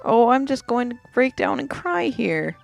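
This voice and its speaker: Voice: medium pitch, sing-song, a little slow, creaky, faint music behind, voice pushed up, full character voice. A let's player voicing a stern but tender mother creature in a video game, speaking in a gushing, theatrical way. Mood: tearful.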